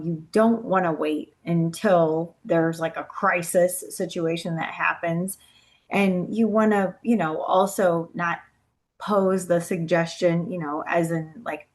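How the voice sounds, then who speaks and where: A woman with a fairly low voice gives an educational talk to caregivers. She speaks casually, sprinkling in "you know" and "um", and keeps a gentle, encouraging tone. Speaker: presenter on brain health.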